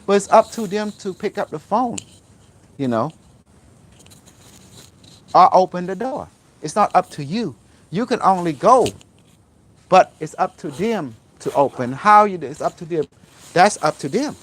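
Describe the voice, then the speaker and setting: A man's voice: sits high, expressive, a little slow, long pauses, a bit bright. A man giving a rambling, informal spiritual lecture in broken English, repeating himself emphatically. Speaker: spiritual teacher.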